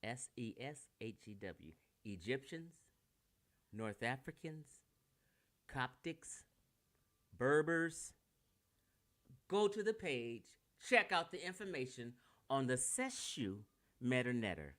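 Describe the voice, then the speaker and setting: A man's voice: mid-range voice, big pitch swings, takes it slowly, long pauses, fairly bright tone. A man with a Californian accent giving a brash, combative and profane lecture on a livestream while sharing his screen. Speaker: online lecturer.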